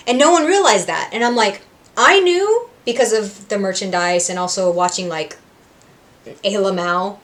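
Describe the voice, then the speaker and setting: A woman hosting a reaction video, casually recapping a cartoon episode with lively retellings, acting out characters' lines and correcting herself as she goes. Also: mid-range voice. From Puerto Rico. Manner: animated, acting out quotes in voices, self-correcting.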